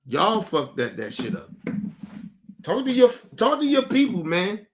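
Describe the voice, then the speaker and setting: High-voiced man ranting bluntly. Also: unhurried. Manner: blunt, profane, animated ranting. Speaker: streamer host. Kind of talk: casual live-stream commentary.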